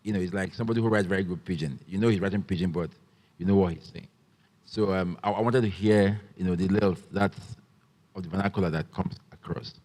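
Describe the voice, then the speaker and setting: A man moderating an author talk, with a lower-pitched voice and a halting, searching way of forming questions. A long reverb hangs on his words, like in a large hall. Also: darkish tone. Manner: hesitant, many fillers and restarts. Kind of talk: festival Q&A.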